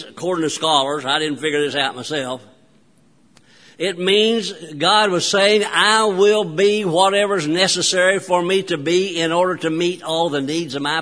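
A man delivers a sermon in a church, emphatic and unhurried, with long pauses and occasional restarts. His voice sits high and bright. The sound rings with the long reverb of a large sanctuary. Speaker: pastor.

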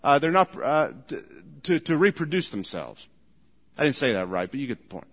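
A man's voice: mid-range voice, very animated, moderate pace, a bit bright, husky. A man preaching a sermon as pastor, earnest and emphatic, often restarting his sentences. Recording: long hall reverb.

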